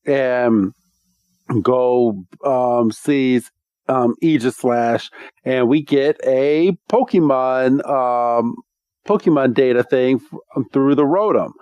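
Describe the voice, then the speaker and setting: A man's voice: medium pitch, takes it slowly, a little mellow, clean tone, no echo, muffled recording. A man co-hosting a podcast, recapping a cartoon episode in a rambling way, with many ums, on a close mic. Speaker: podcast co-host.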